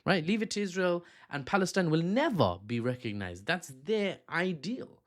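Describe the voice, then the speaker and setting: A man giving casual news commentary on politics, joking around and breaking off into silly asides and quick apologies. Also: a little high, sing-song. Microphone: handheld or desk mic.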